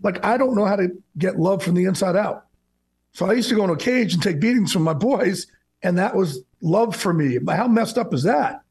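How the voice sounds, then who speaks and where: Husky-voiced man in his fifties. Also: high voice, moderate pace. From New Jersey. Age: 50s. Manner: candid, energetic, repeats words when starting a thought. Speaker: guest. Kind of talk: casual interview chat. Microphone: video call.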